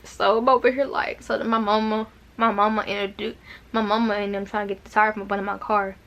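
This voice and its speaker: Bright-voiced young woman. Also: medium pitch, little pitch movement, quick pace, lo-fi sound. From Arkansas. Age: young adult. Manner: chatty and dramatic, with repeated words and asides to viewers. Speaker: vlogger. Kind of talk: casual storytime chat.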